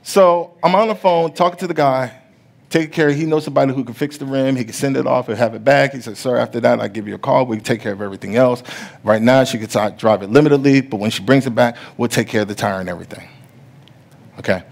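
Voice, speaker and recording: A middle-aged man preaching a sermon as pastor, telling stories that act out other people's voices and building to loud preaching. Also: medium pitch, quick pace, gravelly. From USA. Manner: storytelling, rising to loud preaching; acts out the voices in his stories.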